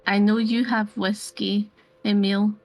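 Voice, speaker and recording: A woman's voice: mid-range voice, little pitch movement, slow pace, darkish tone, faint music behind. A woman playing Gerta, a distraught young woman who pleads and insists shakily in a tabletop role-play. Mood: insistent. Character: distraught young woman, frightened and craving drink.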